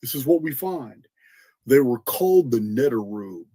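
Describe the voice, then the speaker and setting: Podcast host, male, mellow husky lecturer, earnest, dry close sound, slight cough. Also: medium pitch, expressive, measured pace, no echo. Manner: earnest explainer, repeats and restarts words, spells out names. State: coughing, clearing throat. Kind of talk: lecturing monologue.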